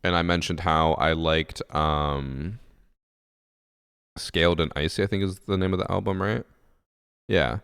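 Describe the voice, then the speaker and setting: Streamer, man in his 20s, booming low voice, swears freely while venting. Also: fairly even intonation, measured pace, gravelly, pauses often, a bit bright, smooth, no room sound, clean studio sound. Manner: profane, ranting storyteller. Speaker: live streamer. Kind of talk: casual chat on stream.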